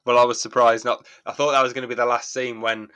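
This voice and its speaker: A man's voice: medium pitch, level tone, quick pace, a bit bright. A man, co-hosting a podcast, recapping an episode in rambling, amused casual chat. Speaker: podcast co-host.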